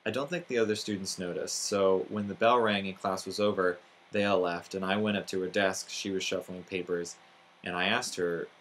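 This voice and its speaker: Male storyteller from Texas, deeper voice, sincere and reflective first-person delivery. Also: steady tone, normal speed, a bit bright, slight background noise, low-quality recording. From Texas, USA.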